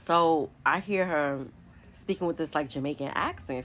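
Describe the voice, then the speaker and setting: Low-voiced New woman telling stories. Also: animated, normal speed, a little hiss or hum. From New York City. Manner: chatty and candid, many likes and whatevers. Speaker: vlogger. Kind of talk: casual storytime monologue.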